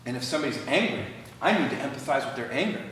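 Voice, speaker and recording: A man gives a church workshop talk from across a large, echoing hall, moving between calm teaching and lively acted-out exchanges. Steady mid pitch, faint room noise underneath. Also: rapid-fire. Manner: animated, acts out quoted dialogue. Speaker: workshop speaker. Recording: echoey hall from far off, noisy.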